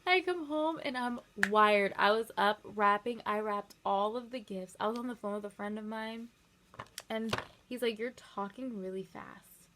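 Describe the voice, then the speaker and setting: A woman's voice: a little high, noisy background. A young woman vlogger chatting casually and rambling through a story while doing her makeup. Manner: rambling, filler-heavy, quick asides.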